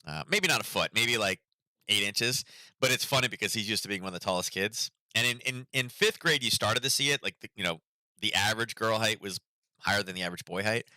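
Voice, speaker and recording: A man's voice: on the low side, a little fast, bright, forceful tone, dry recording. A middle-aged man hosting a market livestream, chatting casually and rambling with lots of fillers. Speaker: market analysis host.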